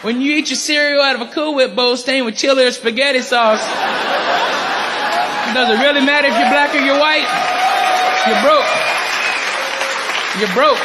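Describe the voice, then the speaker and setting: A man's voice: extremely high pitch, heavy background noise. A man performing a brash, profane stand-up comedy set before a live audience in a large venue. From Arkansas, US. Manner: brash, profane, punchy delivery with crowd work. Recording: reverberant live hall with crowd laughter.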